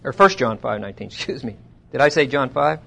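A man teaching a Bible study in a conversational way, asking his listeners questions and getting louder when he quotes scripture. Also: medium pitch, fast talker, gravelly. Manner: asks the audience questions.

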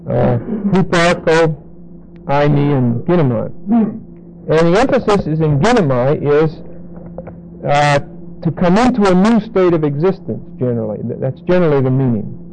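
Guy teaching bible study, kinda high voice, keeps repeating words slow, faint hum behind. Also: lively intonation, a little mellow, low-quality recording. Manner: explanatory, repeats key words slowly for emphasis.

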